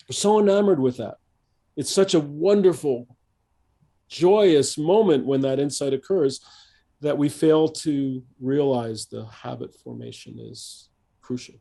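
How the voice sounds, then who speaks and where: An older American man speaks in a warm, mellow tone as a guest in an interview. He talks reflectively and often pauses on fillers and restarts his sentences. He is a seasoned coach. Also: a little high, expressive, gravelly. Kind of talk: conversational interview.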